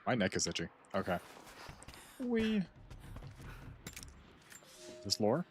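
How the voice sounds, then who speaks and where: Deep-voiced young male streamer joking around. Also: moderate pace, a bit bright, slight background noise. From United States. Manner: rambling, joking, playful. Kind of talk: casual gameplay commentary.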